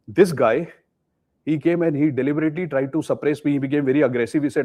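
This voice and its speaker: A man's voice: a little high, fast talker, mellow. A middle-aged man with an Indian English accent giving a live economics lecture, acting out buyer and seller haggling and quizzing his students. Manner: explains with role-played haggling dialogues, asks the class questions. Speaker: teacher.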